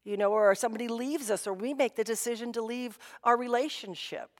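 A woman's voice: fairly high pitch, fairly quick. A woman pastor giving a sermon in a conversational storytelling way, often saying "you know". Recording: long reverb of a hall.

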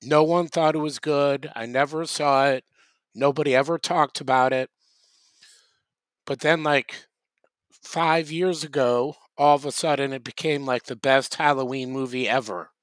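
A man's voice: medium pitch, steady tone, measured pace, no room sound. A man co-hosting a podcast, chatting casually with dry, wry asides. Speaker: podcast co-host. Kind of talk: casual chat.

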